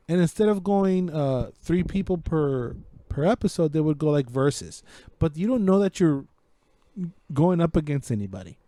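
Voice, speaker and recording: Mellow, dry-voiced man swearing excitably. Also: a little high, moderate pace, no room sound. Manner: profane, excitable storytelling. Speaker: podcast co-host. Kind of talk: casual chat. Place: home podcast setup.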